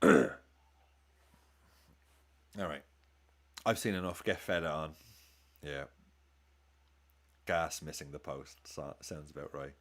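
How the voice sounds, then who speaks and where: A man hosting a football watchalong, chatting excitably and swearing as he reacts live to the game and his chat. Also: rumbling low, takes it slowly, long pauses. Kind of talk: live match commentary and chat.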